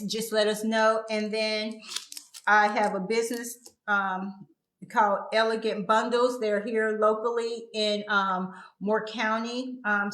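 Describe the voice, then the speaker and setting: A woman hosting her own talk show, speaking in a casual, earnest and heartfelt way while encouraging her viewers. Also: medium pitch. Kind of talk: casual live-stream talk. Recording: echoey room.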